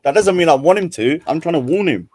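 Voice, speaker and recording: A man speaking quickly and earnestly in a heated online panel debate, often repeating words as he builds a point. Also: a little high. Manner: rapid, earnest, repeats words when excited.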